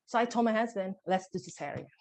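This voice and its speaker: Woman telling a raw, halting story. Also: mid-range voice, lively intonation, a little mellow. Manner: emotional, halting storytelling with restarts. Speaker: podcast guest. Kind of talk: personal birth story in conversation.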